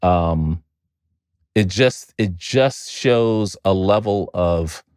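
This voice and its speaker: A middle-aged man from Chicago, a podcast guest, telling a family story in an animated way and often repeating words while he finds his next thought. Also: deep voice, drawn-out words, clean tone, no echo, studio quality. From Chicago, United States. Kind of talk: storytelling in a conversational interview.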